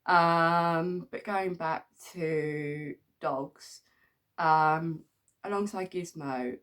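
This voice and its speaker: A woman's voice: low-pitched, extremely slow, fairly bright tone. A middle-aged woman from England telling rambling stories in a casual, chatty way, with many ums and frequent laughs. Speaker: vlogger. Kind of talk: casual storytelling.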